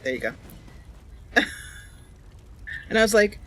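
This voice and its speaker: A woman's voice: medium pitch, sing-song, takes it slowly, sharp tone, low-quality recording. A woman hosting her channel, chatting casually and playfully over gameplay, giggling often. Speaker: channel host, gamer.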